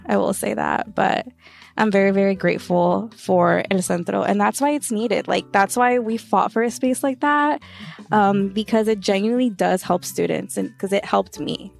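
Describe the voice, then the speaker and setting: Young woman, guest on a podcast, gravelly voice, earnest reflective talk. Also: medium pitch. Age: young adult. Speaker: guest, college alumna. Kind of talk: casual interview talk.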